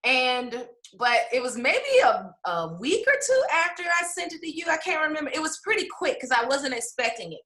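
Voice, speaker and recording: A woman's voice: sits high, sing-song, normal speed, few pauses, bright, forceful tone, reverberant, rough recording. A woman author and English professor telling her publishing story in an interview, emotional and laughing often, with frequent fillers. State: tearful at times.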